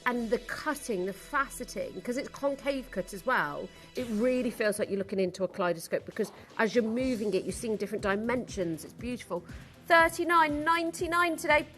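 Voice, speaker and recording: A woman's voice: medium pitch, brisk, hardly any pauses, faint music behind. A woman presenting on a live shopping channel, chatty, giggly and enthusiastic as she sells jewellery.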